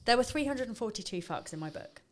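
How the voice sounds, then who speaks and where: A woman talking as a podcast guest, animated and sweary in casual interview chat, often laughing as she talks. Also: fairly high pitch, fast. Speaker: podcast guest, author and business coach.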